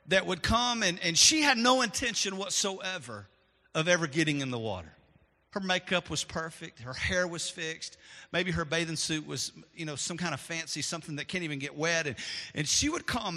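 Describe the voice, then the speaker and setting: A man preaching a sermon as pastor, swinging from loud to hushed, in a church sanctuary. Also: a little high. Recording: long hall reverb.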